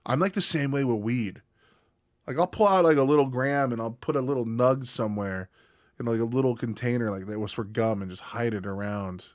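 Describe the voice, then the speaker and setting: A young man with a medium-pitched voice talks briskly on a live stream, rambling in a relaxed, slang-heavy way as he chats casually with his viewers.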